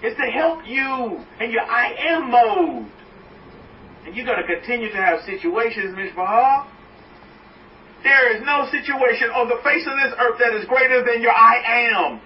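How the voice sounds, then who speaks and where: A man preaching a sermon as a rabbi, animated, swinging high and low, now chanting, now laughing along with his point. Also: normal speed. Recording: echoey room, mic at a distance, dull sound, faint noise.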